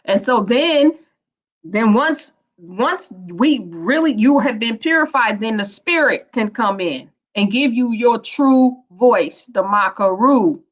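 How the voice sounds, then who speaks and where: A woman's voice: a little high, expressive, slow pace. A woman, giving a spiritual teaching talk in a playful, preachy, colloquial way. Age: 50s. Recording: dull lo-fi recording.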